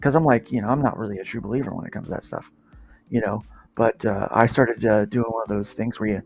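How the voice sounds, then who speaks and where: This podcast host has a lowish voice with vocal fry and talks fast. Leading a casual panel, he rambles through a long tale, frequently starting over and livening up as he goes.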